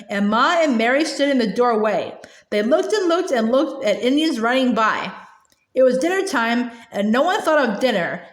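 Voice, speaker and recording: High-voiced woman reading a storybook aloud. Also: reverberant. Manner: gentle, slightly halting reading with small restarts. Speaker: storybook reader. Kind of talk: reading a children's novel aloud.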